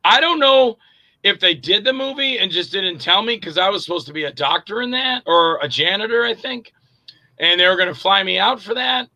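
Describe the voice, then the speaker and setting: A middle-aged man, an actor and director, telling anecdotes in a casual interview, animated and acting out quoted voices. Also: high-pitched, fairly quick, dry recording, muffled recording.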